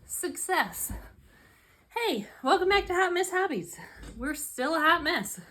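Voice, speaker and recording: A woman's voice: extremely high pitch, big pitch swings, slow pace, bright, forceful tone, slight background noise. A woman, hosting a casual home hobby vlog, chatty, sarcastic and self-deprecating, often laughing, recorded on a phone at home. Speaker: hobby vlogger. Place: home room, seated at a tray table. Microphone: phone camera.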